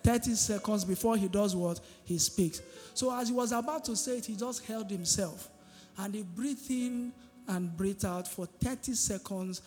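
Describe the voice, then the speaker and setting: A pastor preaches in a fairly high voice that carries through a reverberant church hall. He keeps pulling the congregation in with questions and pauses for their answers. Soft music sits quietly behind him. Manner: call-and-response preaching, asking the congregation "what?". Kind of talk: sermon.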